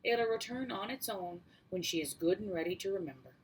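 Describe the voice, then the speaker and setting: A woman voicing an elderly grandmother who speaks in a calm, assured way. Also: medium pitch, brisk, a little hiss or hum, natural voice, low-quality recording.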